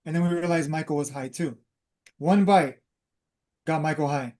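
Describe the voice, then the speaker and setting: A man's voice: on the high side, normal speed, warm tone. A man hosting a talk, casually telling a personal story and drifting into spiritual teaching, with many fillers and restarts. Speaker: host.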